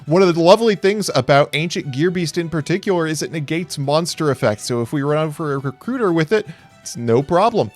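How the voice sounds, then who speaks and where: A man's voice: on the high side, lively intonation, brisk, darkish tone, soft background music. Wry upbeat man calling card duels. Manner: wry, upbeat, talks to viewers as folks. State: hiccuping. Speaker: YouTube card game commentator. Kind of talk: casual play-by-play commentary.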